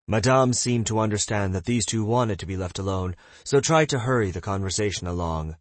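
Male audiobook narrator; low, husky, dry, measured. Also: no room sound. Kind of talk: scripted narration.

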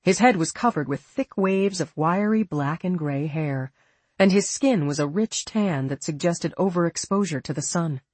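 An audiobook narrator reading a science fiction story in a steady voice. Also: medium pitch, normal speed, husky, no room sound. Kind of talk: scripted narration.

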